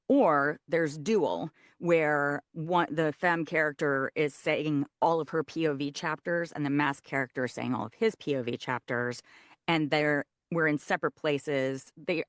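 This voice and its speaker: A woman audiobook narrator, a guest in a casual interview, explaining her work in an animated way. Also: low voice, no room sound, clean studio sound. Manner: animated, shows voice placement while explaining.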